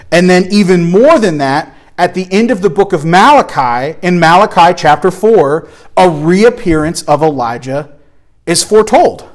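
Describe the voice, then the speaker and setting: A man teaching a Bible study lesson from slides, talking in a conversational, emphatic way and often restarting his phrases. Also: on the high side.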